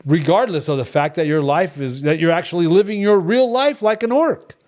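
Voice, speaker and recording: A man's voice: fairly high pitch, a little fast, darkish tone. A middle-aged man leading a devotional gathering in casual talk, telling stories bluntly with many restarts. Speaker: devotional group leader.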